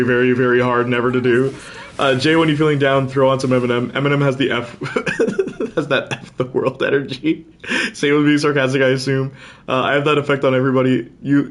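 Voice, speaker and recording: A man's voice: mid-range voice, fairly bright tone. Rambling man chatting on a game stream. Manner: rambling, hesitant, many fillers and restarts; talks to chat and friends, laughs often. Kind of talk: casual livestream chat while gaming.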